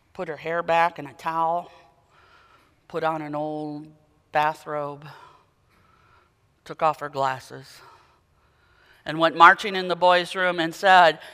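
A man preaching a sermon, dramatic, moving from quiet intensity to loud emphatic peaks. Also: a little high, clear, resonant tone. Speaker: pastor. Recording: long hall reverb.

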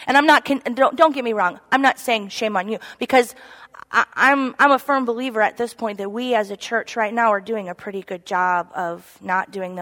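A woman giving an earnest, confessional sermon, moving between loud emphasis and soft whispered asides. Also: medium pitch. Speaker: church speaker. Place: church sanctuary. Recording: long echo of a large hall.

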